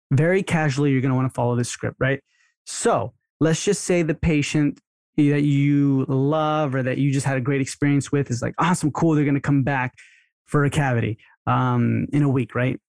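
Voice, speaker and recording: A man's voice: medium pitch, a little mellow, no echo, studio quality. Chatty male coach acting out scripts. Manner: chatty, role-plays dialogue in a raised voice. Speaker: dental marketing coach. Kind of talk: casual instructional podcast talk.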